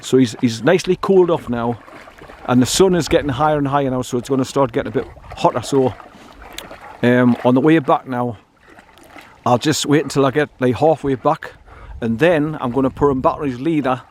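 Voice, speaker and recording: An older man chats into a handheld phone outdoors, rambling from one thought to the next. He is blunt and homely, often restarting or repeating words, at an ordinary middle pitch. A faint hiss sits under the outdoor sound. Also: a little fast, a little mellow. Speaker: dog owner vlogger. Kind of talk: casual rambling walk-and-talk. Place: outdoors by a stream and bridge.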